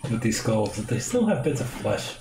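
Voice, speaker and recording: A man's voice: medium pitch, big pitch swings, normal speed, creaky, heavy background noise. A man chatting casually at a tabletop game in a dry, matter-of-fact way. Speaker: player. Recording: echoey room with music behind.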